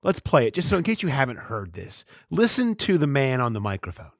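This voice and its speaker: A man talks sports on a podcast, his voice sitting in a middle range and recorded close and dry. He gets animated and ranting as he tells stories. At times he mimics the people in them. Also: mid-range voice, a little fast, dry recording. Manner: animated, ranting, mimics others mid-story. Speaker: podcast host. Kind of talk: casual sports podcast chat.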